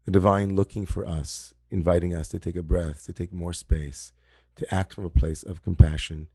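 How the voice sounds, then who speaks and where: This rabbi's sermon for an online service is reflective, and he keeps circling back to key phrases to stress them. He speaks through a video call in a lowish, mellow male voice with a steady tone, moderate pace, and a breathy edge. The audio is close and dry, free of room echo.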